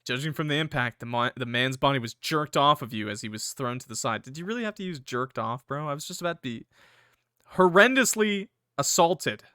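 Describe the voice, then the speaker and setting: Young gaming creator, reads a visual novel aloud, jumps into loud swearing reactions, bright voice, dry close sound. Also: male voice, mid-range voice, quick pace, hardly any pauses, smooth, no echo. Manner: excitable, swears and yells in reaction.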